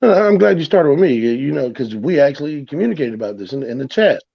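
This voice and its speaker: A man's voice: on the high side, very animated, fast, creaky, breathy edge, dull audio. A man from South Tampa co-hosting a casual sports podcast, brash and emphatic, swearing freely.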